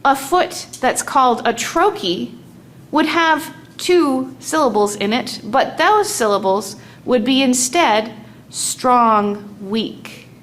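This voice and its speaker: A woman teaching a lesson on poetic meter, speaking slowly and deliberately and tapping out the stressed and weak beats aloud. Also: sits high, lively intonation, fairly bright tone, slight background noise.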